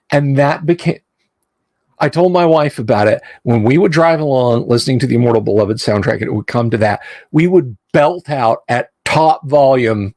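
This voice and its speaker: A man's voice: mid-range voice, fairly quick, a little mellow, no echo. A middle-aged man hosting a show, reading a game rulebook aloud and drifting into rambling, self-interrupting asides. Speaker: host.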